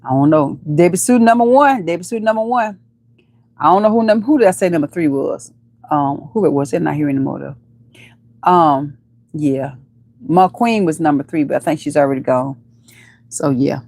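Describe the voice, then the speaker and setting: A woman hosting a casual live stream, chatting playfully with viewers, calling them baby and honey and breaking into high squeals. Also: moderate pace, pauses often, a little mellow. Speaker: livestream host.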